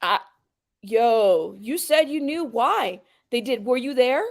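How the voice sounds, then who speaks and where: A high-pitched woman hosting a live commentary stream gets heated and confrontational, calling out a viewer in her chat. She speaks slowly with lively intonation, addressing the audience directly in a casual, blunt way.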